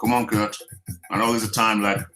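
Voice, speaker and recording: A British man hosts a live boxing talk stream, his fairly low voice staying mostly flat in pitch while he talks fairly quickly with a pushed, bright tone. He jokes around and teases his viewers in loose, repetitive chat, laughing often and repeating phrases, with faint music in the background.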